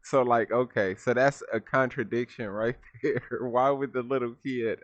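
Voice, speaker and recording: A man hosting a reaction video, talking in a casual, animated and incredulous way. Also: mid-range voice, normal speed, dry recording, muffled recording. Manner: animated, incredulous, laughs often. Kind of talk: casual commentary reacting to a clip.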